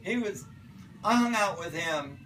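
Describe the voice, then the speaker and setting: An older man telling a rambling personal anecdote, acting out voices and breaking into shouts. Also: high-pitched, measured pace. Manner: animated, acts out voices and shouts in his stories. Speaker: storyteller. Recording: distant mic with loud music behind.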